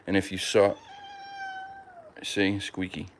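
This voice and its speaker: A man's voice: sits low, monotone, takes it slowly, slight background noise. A man chatting casually at home as a podcast host, rambling with lots of fillers and restarts and talking fondly about his pets. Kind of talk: casual chat.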